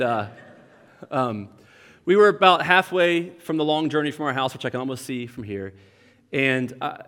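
A young man preaching a sermon from the pulpit, with conversational, animated asides. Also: mid-range voice. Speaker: pastor. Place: church sanctuary. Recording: long reverb of a church hall.

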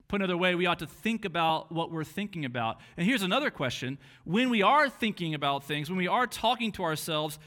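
A man's voice: fairly high pitch, animated, fairly quick, hardly any pauses, bright, forceful tone. A man preaching a sermon, earnest and questioning, who now and then acts out a harsh inner voice. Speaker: pastor.

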